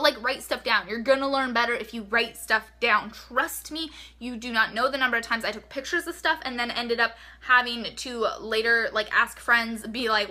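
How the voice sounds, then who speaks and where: A woman's voice: on the high side, bright, forceful tone. A young woman giving frank college advice in a chatty vlog, peppering her talk with "like". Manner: chatty, frank, fills speech with "like". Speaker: vlogger giving college tips.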